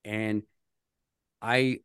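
A man's voice: on the low side, flat delivery, drawn-out words, a bit bright, smooth, dry recording, studio quality. A man who works as a radio host, telling stories in a casual podcast chat, earnest and full of restarts. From Philadelphia area. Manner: storytelling, earnest, many restarts.

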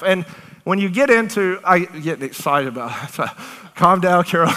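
A woman preaching a charismatic sermon, animated and excited, often laughing between phrases. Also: fairly low pitch, slow, long pauses. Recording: long hall reverb.

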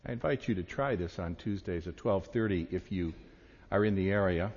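A man delivering a sermon as a pastor, reading slowly and meditatively. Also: low voice, darkish tone. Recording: echoey hall, dull sound.

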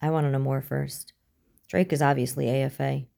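A woman's voice: very deep voice, steady tone, normal speed, gravelly, mellow, exaggerated voice. A woman voicing a tough, blunt female squad commander who speaks in curt orders.

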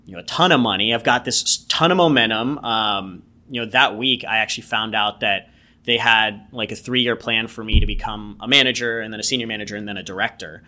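A man's voice: lowish voice, brisk, sharp tone. A man guest casually telling a personal story, rambling with lots of "like" and "you know". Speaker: podcast guest.

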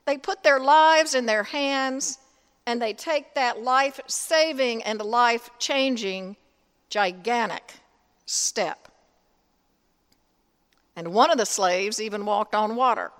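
Woman priest, sermon delivery, deliberate pauses, long church reverb. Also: on the high side, a bit bright, clear, resonant tone. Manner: slow, deliberate preaching with dramatic pauses.

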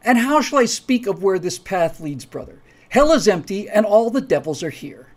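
A man reading the part of a vengeful brother, delivering loud, thundering Shakespearean verse. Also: high-pitched, sing-song, moderate pace, pitched above the performer's own voice. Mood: wrathful.

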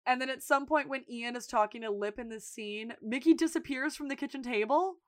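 A woman co-hosting a podcast, retelling scenes in animated casual chat and acting out the quotes. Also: high-pitched, a little fast, dry recording, studio quality. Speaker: podcast co-host recapping episodes.

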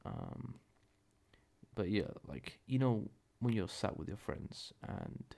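Low, warm, and expressive, with vocal fry, the voice of this young podcast host moves at a slow pace. He tells a story solo in a casual, meandering, profane way, stopping to correct himself.

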